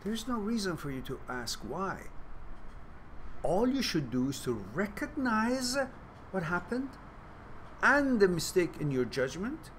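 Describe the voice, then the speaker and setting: A man hosting a Q&A advice talk, blunt, profane and animated. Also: on the high side, slight background noise. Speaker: host and author giving advice.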